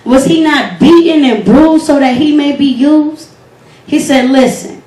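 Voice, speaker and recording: Young female slam host reciting earnest, rhythmic devotional verse; high voice, roomy and distant. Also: darkish tone. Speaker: poetry slam host and poet. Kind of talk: spoken word poetry performance. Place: event hall. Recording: echoey hall recorded from afar.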